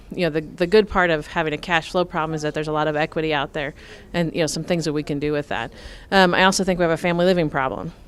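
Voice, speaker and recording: A middle-aged woman from Nebraska answering interview questions about farm finances in a measured, explanatory way, with frequent fillers. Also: low voice, clean tone. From Nebraska, USA. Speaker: farm finance expert, guest.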